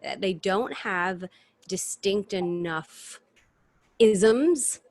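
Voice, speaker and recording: A woman singer and impressionist, guest in a casual interview, talking in long, animated answers with restarts over a video call. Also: mid-range voice, drawn-out words.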